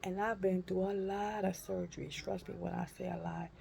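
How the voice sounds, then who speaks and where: A woman in her fifties telling a personal story in a folksy, animated way and calling listeners honey and baby. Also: on the low side, normal speed, vocal fry, a little hiss or hum. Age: 50s. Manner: animated, acts out her own cries and shrieks. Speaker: vlogger.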